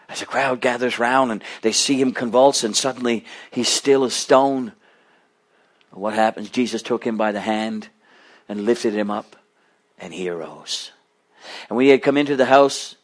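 A middle-aged man delivers a sermon in a mid-pitched voice, moving from quiet, confiding talk to impassioned, pleading cries. His delivery swells and falls with the message as he urges his listeners on. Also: animated, a little slow. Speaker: preacher.

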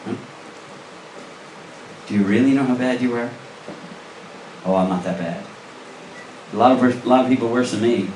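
A man's voice: mid-range voice, fairly even intonation, fairly quick, long pauses, darkish tone, slight background noise. A male pastor preaching a sermon in a church, earnest and emphatic, pressing the congregation with direct questions. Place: church sanctuary. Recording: roomy echo, voice from a distance.

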